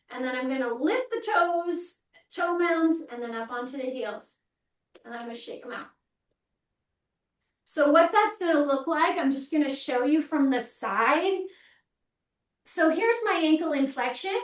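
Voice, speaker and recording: High-voiced woman coaching floor exercises. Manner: calm, step-by-step cueing while demonstrating. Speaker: movement coach. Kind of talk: guided exercise instruction. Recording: roomy, mic at a distance.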